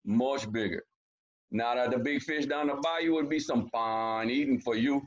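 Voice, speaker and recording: A man voicing a sly, lazy trickster crawfish who coaxes and flatters, dropping Cajun French words in a storybook reading. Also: medium pitch, a little slow, dull audio, natural voice. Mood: flattering.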